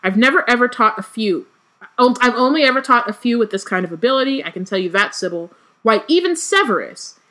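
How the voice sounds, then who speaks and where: Chummy, boastful old schoolmaster, a woman reading him, bright tone. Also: on the high side, expressive, brisk. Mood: jovial. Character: jovial fussy older male teacher.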